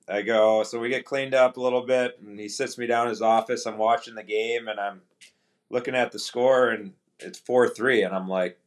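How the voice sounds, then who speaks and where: A man with a fairly low voice tells a story in a relaxed, conversational way. He slips into the voices of teammates and trainers as he recounts their lines. He restarts sentences often and leans on fillers as he recalls events. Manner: relaxed anecdotal, quotes teammates in dialogue. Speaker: podcast guest, pro hockey player. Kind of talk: casual storytelling.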